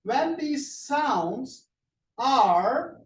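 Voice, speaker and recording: A man lecturing on linguistics to a class, speaking in a slow, halting way, often praising the students and pausing with fillers. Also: very high-pitched, expressive. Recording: echoey room, distant from the mic, faint background noise.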